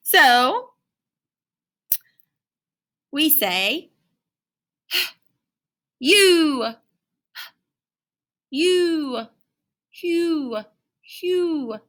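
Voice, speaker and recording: A woman teacher giving a playful, animated phonics lesson to young children. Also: on the high side, vocal fry.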